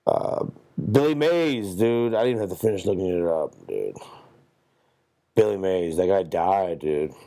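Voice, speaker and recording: The solo podcast host here is a young man with a low, dark, gravelly voice, very animated but unhurried. He swears and wanders through a jokey, rambling monologue.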